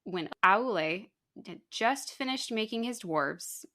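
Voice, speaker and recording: A woman podcast co-host retells a story in relaxed chat at a middle pitch. She laughs often and keeps the story moving. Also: slow.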